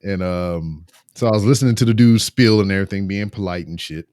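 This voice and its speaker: Profane, animated man telling a story. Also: sits low, brisk, clear, resonant tone, no room sound, clean studio sound. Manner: animated storyteller, swears freely. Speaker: podcast co-host. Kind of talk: casual chat.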